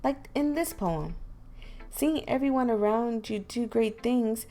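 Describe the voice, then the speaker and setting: A woman's voice: on the high side, lively intonation, unhurried, warm tone, faint music behind, pitched above the performer's own voice. A woman doing a feisty, defensive teenage girl. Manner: defensive, blunt. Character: feisty proud teenage girl club member.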